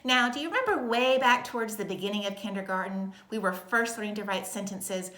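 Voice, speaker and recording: A woman teaching a recorded kindergarten lesson in a slow, sing-song voice with exaggerated expression. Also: medium pitch, bright, forceful tone, roomy sound. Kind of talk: recorded video lesson for young children.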